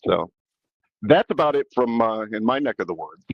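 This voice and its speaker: A male podcast host tells a story in a loose, rambling, animated way at a moderate pace, often restarting his sentences. His voice sits mid-range, and the recording is dry, a little dull, and free of echo.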